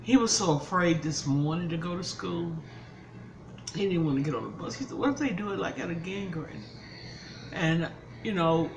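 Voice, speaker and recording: A woman's voice: sits low, slight background noise, poor audio. An older woman, a grandmother, telling an upsetting story in casual chat, tearful and angry by turns. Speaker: vlogger.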